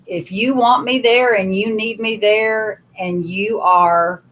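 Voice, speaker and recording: A woman's voice: mid-range voice, steady tone, slow, fairly bright tone, slight background noise. Earnest woman explaining dream work. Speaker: dream worker and co-host. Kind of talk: casual livestream chat.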